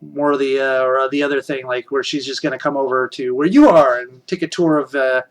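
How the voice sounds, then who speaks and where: A man's voice: medium pitch, fairly even intonation, brisk. A middle-aged man hosting a live stream, rambling casually and chuckling while answering viewer comments. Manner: rambling, chuckles often, talks to chat.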